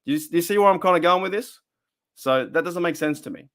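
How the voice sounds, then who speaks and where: A man's voice: a little high, fast, fairly bright tone. A young Australian man hosting a casual live stream, rambling and repeating himself as he reads the chat.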